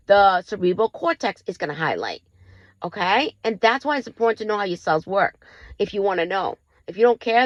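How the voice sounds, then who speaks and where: A mid-pitched woman explains things in a casual, emphatic way and keeps asking her viewers rhetorical questions. The sound is dry, with no room around it, and dull and lo-fi. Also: no echo. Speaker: channel host. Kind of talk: casual health talk to camera.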